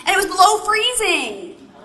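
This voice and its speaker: A woman with a high, bright voice tells a story from the stage of a large event hall and keeps asking the audience questions. The hall echoes around her and a faint background noise runs underneath. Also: moderate pace. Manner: animated, asks the audience questions. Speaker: motivational speaker. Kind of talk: keynote storytelling to a live audience. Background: audience responses.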